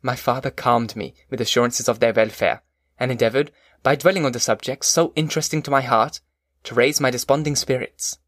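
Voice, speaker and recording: A man narrating a classic novel as an audiobook in a measured, formal reading. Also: medium pitch, fairly even intonation, fairly bright tone, dry recording, clean studio sound.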